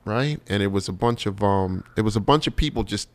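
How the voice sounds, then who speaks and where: Animated New comedian, low voice. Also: male voice, fairly quick. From New York. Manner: animated storyteller, swears freely, acts out quotes. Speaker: comedian guest. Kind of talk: casual podcast chat.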